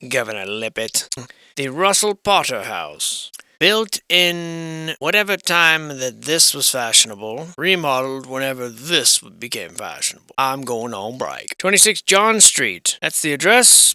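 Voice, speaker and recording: A man's voice: a little high, sharp tone, clean tone, no echo. A man giving casual, rambling commentary on old photographs of historic houses, sarcastic and irreverent, swearing freely and thinking aloud. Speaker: channel host.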